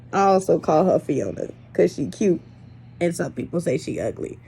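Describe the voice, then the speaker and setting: Animated, exasperated young woman vlogger. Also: fairly low pitch, moderate pace, creaky, husky. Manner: animated, exasperated, swings between loud and soft. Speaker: dog breeder. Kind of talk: casual vlog storytelling.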